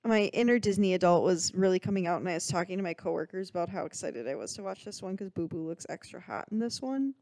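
A woman's voice: on the low side, lively intonation, darkish tone, no echo. A young woman co-hosting a podcast in casual chat, gushing and playfully teasing. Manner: gushing, playful, quick to tease. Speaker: podcast co-host.

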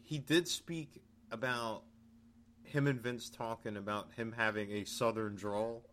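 A man co-hosting a podcast in casual chat, recapping news in a relaxed, chatty way. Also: on the low side, a little slow, slight background noise. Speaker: podcast co-host.

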